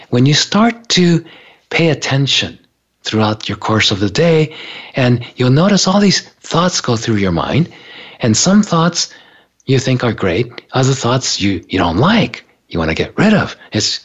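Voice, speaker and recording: A man with a slightly husky voice talks casually about awareness and sensitivity, and his pitch swings widely as he acts out the inner voices of the people he describes. The recording is dull and lo-fi. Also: very animated, unhurried. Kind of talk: casual spiritual talk. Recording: dull lo-fi sound.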